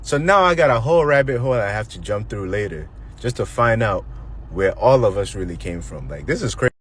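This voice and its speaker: A man from Nigeria casually telling a personal story, animated and acting out the voices of the people in it. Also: lowish voice, a little fast. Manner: animated, acts out quoted voices.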